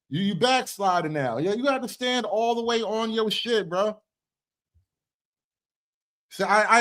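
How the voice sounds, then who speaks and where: A man's voice: high-pitched, expressive, measured pace, long pauses, fairly bright tone. A man hosting a reaction commentary show, talking in an opinionated way and often restarting his phrases. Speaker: commentary host.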